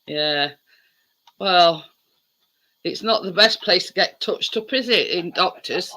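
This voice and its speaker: A man's voice: high-pitched, pushed and bright. A man, hosting a casual livestream chat and telling stories with plenty of laughs. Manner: chatty storytelling with frequent laughs. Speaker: livestream host. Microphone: livestream video call.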